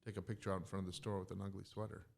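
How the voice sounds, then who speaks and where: A man's voice: sits low, little pitch movement, rapid-fire, gravelly. A middle-aged man, a business owner guest in a casual chat, skeptical and stammering with repeats.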